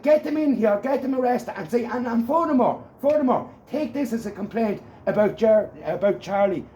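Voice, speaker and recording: Irish man, high register, heated and insistent complainant. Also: animated, moderate pace, darkish tone, roomy sound, low-quality recording. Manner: agitated, insistent, repeats demands. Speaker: complainant at a police station. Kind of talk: heated confrontation, filmed.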